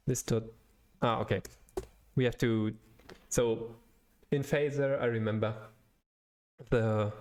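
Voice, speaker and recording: A man, a young adult, talks slowly and unhurriedly as he codes live for viewers, explaining each step while he works it out. He searches for words and corrects himself often, in a hesitant, thinking-aloud manner. His pitch sits in the ordinary middle range for a man. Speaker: live-coding streamer.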